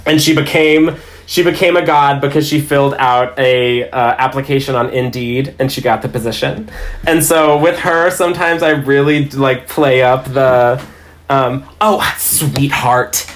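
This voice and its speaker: A man's voice: medium pitch, a little hiss or hum. A man and dungeon master chatting as a podcast guest, telling stories in a rambling, self-amused way. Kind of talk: casual chat.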